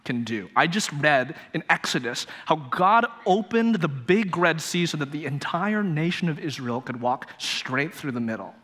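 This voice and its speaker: A man voicing an excited eight-year-old boy, an earnest young believer who shouts his praise. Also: fairly high pitch, moderate pace, hardly any pauses, husky, big-room sound. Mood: earnest, eager.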